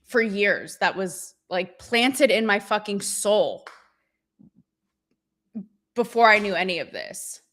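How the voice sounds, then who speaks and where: A woman hosting her show, talking candidly in a profane, animated, rambling and self-mocking way. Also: mid-range voice, slow pace, long pauses. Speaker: show host. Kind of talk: candid livestream monologue.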